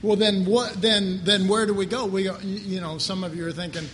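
A man's voice: high-pitched, brisk, a crowd in the background. A man preaching an informal sermon to a live congregation, conversational and joking, full of rhetorical questions.

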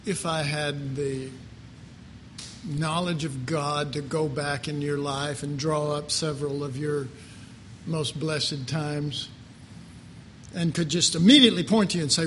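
Brief: high-voiced male preacher, casual joking sermon, faint hum behind. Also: unhurried, pauses often, a bit bright. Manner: conversational, joking, rhetorical questions. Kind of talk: informal sermon to a live congregation.

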